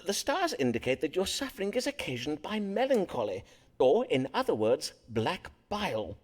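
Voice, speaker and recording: A smooth-talking Elizabethan physician who reads the stars, forever courteous and tactful. His pitch sits a touch high and swoops lively through each formal, old-fashioned sentence. A game character through and through. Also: moderate pace. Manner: archaic formal speech, polite and tactful. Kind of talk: video game voice acting.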